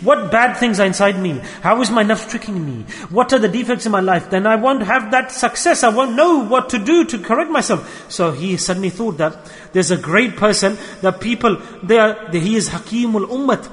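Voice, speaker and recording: High-voiced man preaching in a reverberant hall. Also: expressive, a little fast, fairly bright tone. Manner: earnest, repeats phrases for emphasis. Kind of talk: storytelling sermon.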